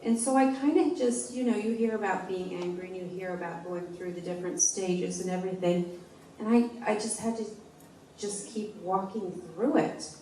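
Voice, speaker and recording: A woman in her forties giving a personal testimony at a church meeting, speaking in a halting, heartfelt way with frequent restarts. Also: medium pitch, steady tone, mellow, slight background noise. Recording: echoey room, voice from a distance.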